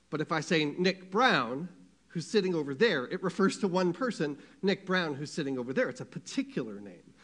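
A man preaching a sermon, asking his congregation questions and swinging between loud emphasis and hushed, quiet passages. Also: fairly high pitch. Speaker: pastor.

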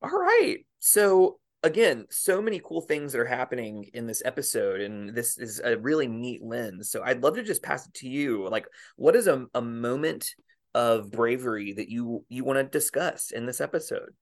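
Animated man hosting a podcast. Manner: animated, laughs often, quick pitch jumps when excited. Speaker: podcast host. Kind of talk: casual podcast chat.

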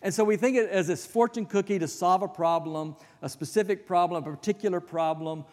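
A man's voice: sits high, a little fast, a little mellow. A male pastor giving a conversational sermon, telling folksy stories with self-deprecating asides. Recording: long reverb of a hall.

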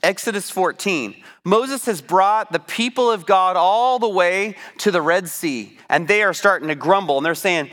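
A man preaching a sermon, teaching from the Bible in an animated, conversational way. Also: high voice, normal speed, hardly any pauses.

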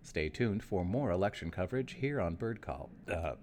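A cartoon bird news anchor, played by a man, reading the news with a smooth broadcast delivery. His voice is very low. There is faint noise behind it. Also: lively intonation, normal speed, a little mellow. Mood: newsy.

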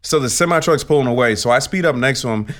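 A man's voice: mid-range voice, fast talker. A man in casual chat, animatedly telling a profane story.

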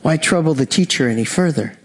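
A man preaching a sermon, telling the story with animated acted-out voices and frequent laughter. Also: on the high side, a little fast.

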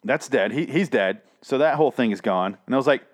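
A young man with a voice going hoarse gives a profane, rambling, exasperated recap of a TV episode. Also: medium pitch, animated, fairly quick. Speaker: show recapper. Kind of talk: casual ranting recap.

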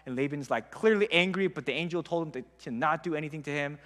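A man's voice: on the high side, quick pace, fairly bright tone. A young man giving a casual, conversational Bible talk with frequent "like" fillers. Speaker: Bible teacher. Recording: long hall reverb.

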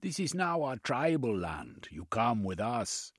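A man's voice: mid-range voice, big pitch swings, measured pace, slightly rough, no room sound, studio quality, voice pushed up. A man voicing a fierce, commanding tribal woman chief who barks orders in broken speech.

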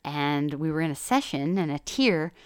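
Woman coach, very low voice, casual podcast chat, candid, swears, laughs a lot, dry close sound. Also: lively intonation, moderate pace, clean tone, dry recording. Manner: candid and chatty, swears freely, laughs often. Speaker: life coach and podcast host. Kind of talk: casual solo podcast talk.

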